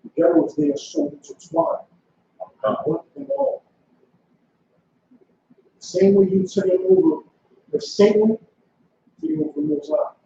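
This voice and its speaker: A man's voice: sits high, sing-song, measured pace, vocal fry, pauses often, background noise. Commanding man preaching in an echoey room. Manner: commanding, repeats short demands. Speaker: school leader teaching a class. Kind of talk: preaching to a class. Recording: echoey room, far from mic, dull lo-fi.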